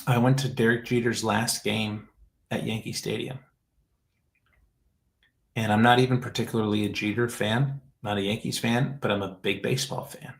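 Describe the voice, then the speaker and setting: A man's voice: on the low side, little pitch movement, normal speed, creaky, rough recording. A man hosting a casual chat show, talking in a rambling, heartfelt way that trails off and restarts often.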